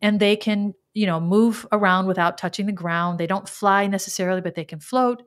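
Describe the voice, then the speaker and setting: A middle-aged woman talks through a reflective spiritual monologue as a podcast host. She is earnest and openly emotional, with a mid-pitched voice. She often stumbles and restarts as she goes. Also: fairly even intonation, a little fast.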